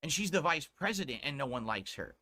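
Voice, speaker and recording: A man from the United States rants on a stream in a higher-than-usual, bright, pushing voice. He sounds indignant and swears freely. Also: animated, brisk. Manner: indignant, profane ranting. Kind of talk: ranting commentary on a stream.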